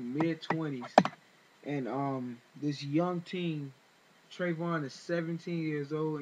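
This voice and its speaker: A man's voice: a little high, background noise. A man retelling events in casual spoken commentary, rambling with fillers and restarts and growing indignant as he talks. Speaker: vlogger.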